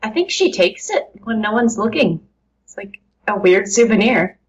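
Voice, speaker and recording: A woman's voice: mid-range voice, very animated, normal speed, slightly rough, highs cut off. A woman co-hosting a casual podcast chat, giving sarcastic, dry recaps. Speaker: podcast co-host.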